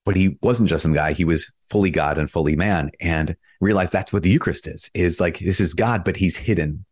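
Man, priest, interview guest: very low voice, earnest and animated when telling a story. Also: brisk. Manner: earnest, animated storytelling, mimics himself with raised voice. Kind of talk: conversational interview.

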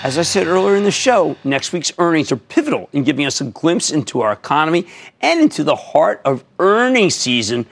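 An older man hosting a finance call-in show, excitable and emphatic in rapid-fire bursts. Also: on the high side, gravelly, soft background music. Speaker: TV stock market show host.

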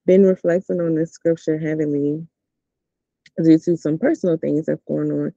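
A fairly high-pitched man with a gravelly, very dark and mellow voice delivers an earnest devotional reflection, repeating key words to drive them home. The recording is dry and dull, a lo-fi sound. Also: no room sound. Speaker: podcast host.

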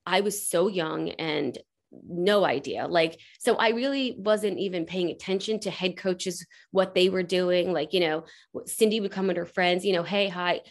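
A woman's voice: on the low side, normal speed. A woman speaking as a podcast guest, telling a story in a chatty, rambling way full of fillers. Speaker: podcast guest, coach's wife. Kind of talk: casual interview chat.

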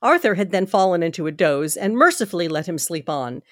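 A woman hosting a podcast, reading a novel aloud at home in steady narration, with small stumbles and asides. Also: on the low side, fairly quick, no echo, clean studio sound.

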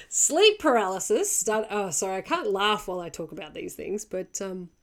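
A woman's voice: mid-range voice, lively intonation, moderate pace, crowd noise. A woman co-hosting a podcast in casual chat, reading listener stories aloud and often breaking into giggles. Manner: giggly, chatty, digresses. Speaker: podcast co-host.

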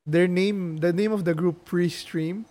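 A man's voice: sits high, fairly even intonation, a little slow, a little mellow. A man co-hosting a podcast in casual chat, often chiming in and laughing. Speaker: podcast co-host.

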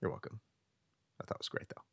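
A man's voice: fast talker, a bit bright, no room sound, clean studio sound. A man hosting a retro gaming podcast, talking in a playful, wordy, alliterative way. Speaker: podcast host. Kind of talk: casual podcast chat.

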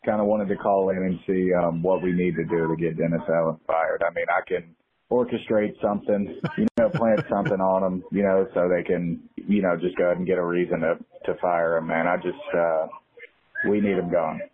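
A man's voice: deep voice, steady tone, a little fast. A man calling in to a sports show, talking in a laid-back, conspiratorial way. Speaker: caller. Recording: tinny phone line.

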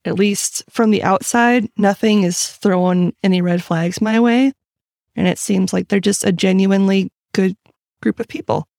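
A woman's voice: mid-range voice, fairly even intonation, moderate pace, creaky, darkish tone, no room sound, studio quality. A woman guesting on a podcast, giving frank opinions in casual talk full of fillers like "like" and "you know". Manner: frank, filler-heavy, speaks in bursts.

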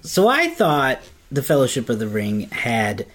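Man, casual chat, measured, opinionated. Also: mid-range voice, huge pitch swings, fairly bright tone, a little hiss or hum. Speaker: podcast co-host.

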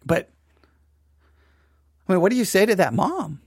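A man's voice: high voice, very animated, measured pace, husky, no echo, clean studio sound. A man speaking earnestly in a sermon-style talk, often repeating and restarting phrases. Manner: earnest, repeats and restarts phrases, rises when quoting cries. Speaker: preacher. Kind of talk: impassioned sermon-style commentary.

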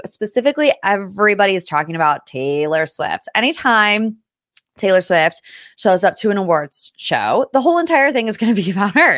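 A woman's voice: mid-range voice, fairly bright tone, dry recording, clean studio sound. A young adult woman hosting a casual pop culture podcast, chatty and gossipy. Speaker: podcast host.

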